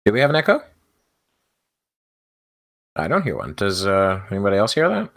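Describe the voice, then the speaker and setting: A man hosts a casual online panel over a video call. His voice sits low but moves a lot in pitch. He is easygoing and keeps repeating "excellent". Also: huge pitch swings, moderate pace, vocal fry, fairly bright tone. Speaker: host.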